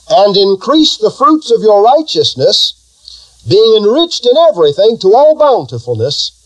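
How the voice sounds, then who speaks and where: A man preaches from the pulpit in a notably high voice. He stacks up repeated lines for emphasis and leads the congregation in call-and-response scripture. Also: rough recording. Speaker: pastor. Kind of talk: sermon.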